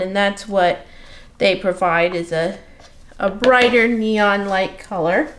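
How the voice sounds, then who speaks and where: A woman's voice: mid-range voice, lively intonation, measured pace, a little hiss or hum. A woman from Missouri giving a casual step-by-step craft demonstration, explaining each step as she works. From Missouri, USA. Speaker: soapmaker demonstrating. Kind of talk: casual tutorial narration.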